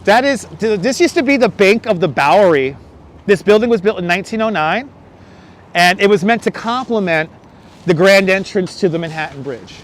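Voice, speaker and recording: A man with a high-sitting, expressive voice at normal speed hosts a live walking stream, chatting, joking and reading viewer comments aloud. He wears a wireless lapel mic while crossing a windy city bridge, with traffic and passing subway trains behind him.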